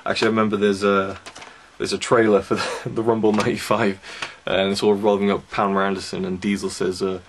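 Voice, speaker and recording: A man's voice: fairly low pitch, little pitch movement, brisk, hardly any pauses, a little hiss or hum. A young man giving a casual, chatty review of wrestling DVDs, enthusiastic and full of fillers. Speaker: DVD reviewer.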